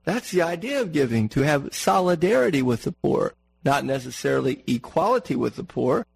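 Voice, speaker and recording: In a fairly high, sing-song, gravelly and husky voice, a man preaches a sermon a little fast. The low-quality recording has no room sound. He's earnest, repeating words for emphasis and asking the congregation questions.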